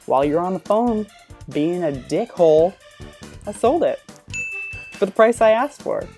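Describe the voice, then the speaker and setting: Low-voiced woman ranting in blunt exasperation. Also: animated, a little slow, dark tone, soft background music. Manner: blunt, exasperated, swears freely. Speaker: reaction commentator. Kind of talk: ranting reaction commentary.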